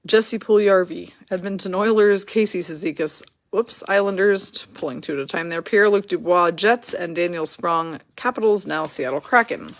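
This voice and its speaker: A woman's voice: fairly low pitch, normal speed, few pauses. A woman hosting a live card break, rattling off names and teams in a chatty way and laughing at her own slips.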